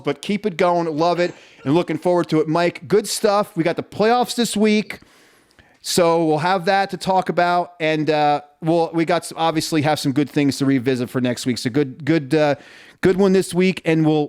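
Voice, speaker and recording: High-voiced animated male podcast host. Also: clean tone. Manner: animated storyteller, jokey, acts out quotes. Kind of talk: casual chat.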